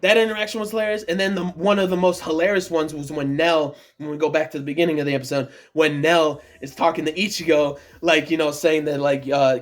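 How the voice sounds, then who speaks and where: Excited rambling man, slightly high voice. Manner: rambling, many fillers and restarts, excited. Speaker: anime reaction vlogger. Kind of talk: casual monologue review.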